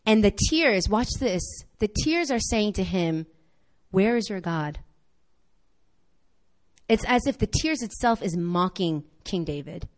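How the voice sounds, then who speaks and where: A woman delivers an impassioned sermon to her congregation, her medium-pitched voice climbing to near-shouts on key points. She fires quick questions at the listeners, and her intonation stays lively throughout.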